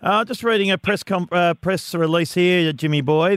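A man's voice: high-pitched, normal speed, hardly any pauses, fairly bright tone, smooth, no room sound, clean studio sound. A man co-hosting a radio show, reading news and joking with his colleagues. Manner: joking, mock-outraged. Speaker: radio co-host. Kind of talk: casual radio banter.

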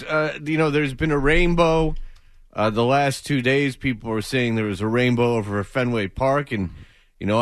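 A man's voice: mid-range voice, fairly bright tone, dry recording. A man hosting a morning sports radio show in a studio, talking loose and upbeat.

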